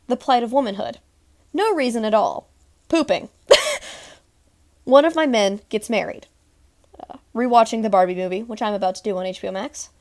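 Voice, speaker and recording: A woman's voice: fairly high pitch, dry recording. A woman from Texas talking casually to camera in a rambling vlog recap, full of "like" and "um". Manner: rambling, lots of "like" and "um". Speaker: vlogger.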